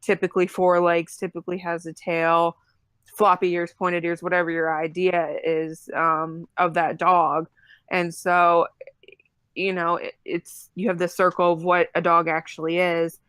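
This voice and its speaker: A woman guest in a casual chat, explaining a point in a measured way. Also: on the low side, level tone, fairly bright tone, clear, resonant tone, no room sound.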